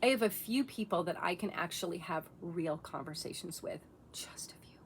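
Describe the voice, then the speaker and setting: A woman's voice: on the low side, creaky, a little hiss or hum. Blunt, swearing woman ranting on camera. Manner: blunt, profane, impassioned. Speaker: vlogger. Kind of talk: casual monologue rant.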